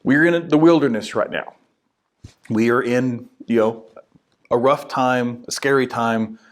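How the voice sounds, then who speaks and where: A man's voice: medium pitch, a little slow. A young man, a minister, giving a short casual devotional talk in a conversational way. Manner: conversational, animated, acts out quotes.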